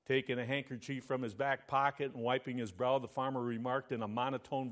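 A man's voice: mid-range voice, level tone, fairly quick, few pauses, fairly bright tone. A male pastor preaching a sermon, telling a story and often asking the congregation for an "Amen?".

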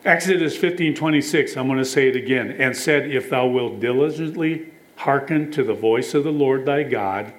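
A man at a moderate pace and medium pitch preaches, reading scripture aloud, telling stories, and posing questions to those listening. It's a low-quality recording.

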